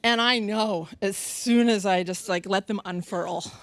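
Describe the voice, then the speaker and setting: A woman's voice: medium pitch, unhurried, no echo. A middle-aged woman telling a comic personal story, acting out voices and laughing often. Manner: animated, acts out other people's voices, laughs often.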